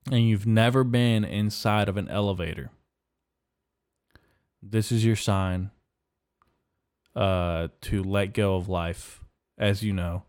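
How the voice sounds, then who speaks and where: A man's voice: lowish voice, a little mellow, smooth. A young man hosting a podcast, delivering a profane, rambling, mock-outraged comedic rant. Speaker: podcast host.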